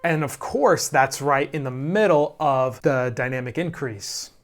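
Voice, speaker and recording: Patient male piano instructor, slow and steady, talks at the piano between played passages. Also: medium pitch. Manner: calm, slow explaining with frequent "right?" checks. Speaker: piano teacher. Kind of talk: piano lesson explanation. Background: piano playing.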